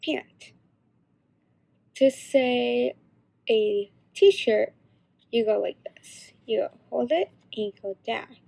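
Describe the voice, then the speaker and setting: A teenage girl explaining signs in a casual, halting tutorial. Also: on the high side, gravelly, mellow. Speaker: sign language instructor.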